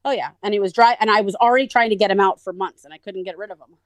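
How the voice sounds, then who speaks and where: A woman guest in an interview, telling her own story in a lively way and acting out the voices of people she quotes. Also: medium pitch, rapid-fire, dry recording. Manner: animated, acts out quoted voices. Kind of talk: conversational storytelling.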